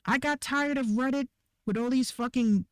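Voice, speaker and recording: This woman's high-sitting voice is smooth and studio-quality, with no room sound and a moderate pace. She's a creator delivering a profane, heated rant straight to camera, cursing freely and hammering points through repetition.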